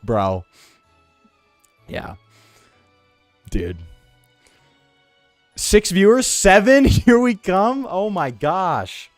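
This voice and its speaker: A man streaming a game, chatting casually in an animated, slangy, ranting way. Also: sits high, extremely slow, long pauses, no room sound, soft background music. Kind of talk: casual live-stream chat while gaming.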